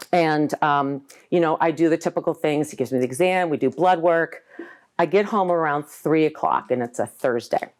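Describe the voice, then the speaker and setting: A woman in her forties telling a candid, humorous personal story at a live talk. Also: low-pitched. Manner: candid, humorous, acts out quoted voices. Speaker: guest speaker.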